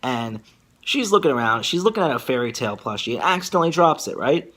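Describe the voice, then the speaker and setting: A man's voice: mid-range voice, quick pace. Young man rambling through a vlog story. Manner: rambling, filler-heavy, animated storytelling. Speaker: vlogger.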